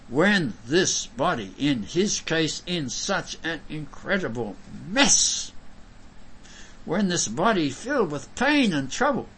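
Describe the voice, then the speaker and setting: Husky guy preaching, really lively up and down, goes loud then quiet. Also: a little high, measured pace, rough recording. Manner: emphatic, with sudden swings from loud to soft. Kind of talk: sermon.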